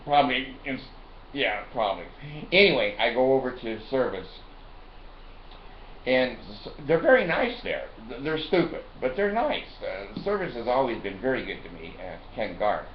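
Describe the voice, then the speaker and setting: Man, mid-pitched, rambling profane storyteller, roomy dull lo-fi recording with faint hiss. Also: expressive, moderate pace. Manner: profane, digressive, laughs between lines.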